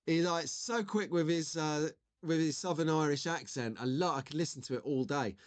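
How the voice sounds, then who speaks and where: A chatty man hosting a live stream, joking along with his viewers as he goes. His voice sits a little high. It is recorded close and dry, with no room sound. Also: moderate pace, no echo. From United Kingdom. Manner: chatty, jokey, reads out viewer comments. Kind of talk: casual live stream chat.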